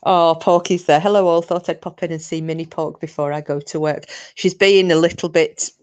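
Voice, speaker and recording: A woman's voice: low voice, steady tone, normal speed, a little mellow. A woman hosting a casual livestream, chatty and giggly, greeting viewers and reading their chat messages aloud with self-mocking humour. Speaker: livestream host.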